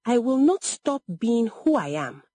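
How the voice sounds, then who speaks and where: A woman's voice: fairly high pitch, big pitch swings, measured pace, dark tone, dry recording, pitched above the performer's own voice. A woman voicing a wronged young daughter who pleads in a trembling voice in a story. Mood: resolute.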